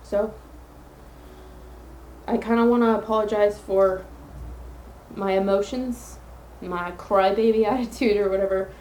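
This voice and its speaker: A woman's voice: mid-range voice, fairly even intonation, a little slow, long pauses, darkish tone, echoey room, slight background noise, rough recording. Earnest woman podcasting on her phone. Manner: earnest, rambling with self-affirmations. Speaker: podcast host. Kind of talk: solo podcast monologue.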